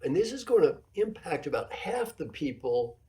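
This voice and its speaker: Man, 70s, executive coach giving a keynote, mellow voice, emphatic storyteller who drives points home by repetition. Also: a little high, very animated, moderate pace. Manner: storytelling, emphatic, repeats key phrases. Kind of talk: keynote lecture with anecdotes.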